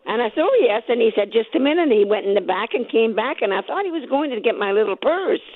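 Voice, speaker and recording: A woman with a raspy voice calling into a radio show, telling her story with excitement and acting out both sides of each conversation. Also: fairly high pitch, fast, dry recording. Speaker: caller, lottery winner. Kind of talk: phone-in radio interview. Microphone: telephone. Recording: tinny phone line.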